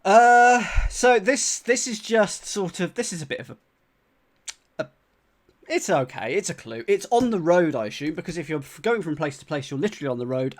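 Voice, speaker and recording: A man from the UK with a slightly higher-than-usual voice works through crossword clues on a live stream. He reads each clue aloud more than once and muses over it, full of fillers and half-started sentences. He talks casually to his viewers as he goes. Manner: thinks aloud, repeats clues, many fillers and restarts.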